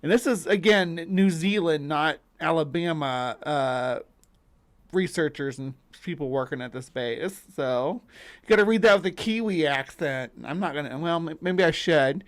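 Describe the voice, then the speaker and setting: A man with a slightly high voice hosts a live stream in casual commentary. He rambles and thinks out loud, questioning and picking apart what he hears. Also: expressive, normal speed. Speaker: host.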